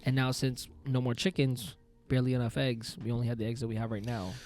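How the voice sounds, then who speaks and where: A man's voice: medium pitch, level tone, quick pace, a little mellow. A young man co-hosting a podcast, talking in slangy casual chat and reading news bits aloud. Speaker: podcast co-host.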